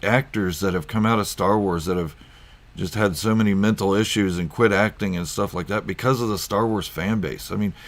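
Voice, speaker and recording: A man's voice: on the low side, fairly quick. A man hosting a casual live stream from home, rambling through viewer comments with lots of ums and chuckles. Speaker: YouTube channel host.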